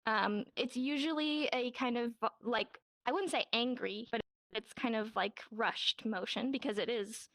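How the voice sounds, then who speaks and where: A young woman runs a casual sign language class in virtual reality. Her voice sits a little high and carries a gravelly fry. She is chatty, acts out the lines she quotes and laughs often, and the sound is dry and close on a headset mic. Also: a little slow, few pauses, a bit bright, dry recording.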